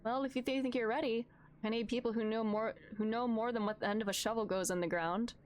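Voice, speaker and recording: A tender, slightly tired farmer father who reminisces and teases his child kindly, voiced by a woman reading game text aloud. The voice sits a bit lower and calmer than her normal talk. A faint ambient hum runs underneath. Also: fast, natural voice. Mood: tired, teasing. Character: gentle middle-aged farmer dad, tender.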